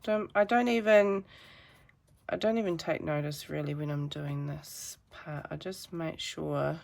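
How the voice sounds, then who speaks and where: A woman's voice: deep voice, vocal fry, darkish tone. A woman giving a chatty, rambling painting tutorial with self-deprecating asides. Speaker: art teacher.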